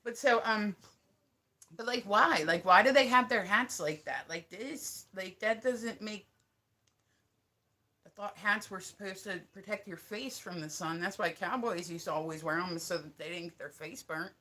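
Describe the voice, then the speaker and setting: Bright-voiced woman chatting on a livestream. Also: medium pitch, moderate pace. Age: 30s. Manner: rambling, profane, filler-heavy talk. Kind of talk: casual livestream chat.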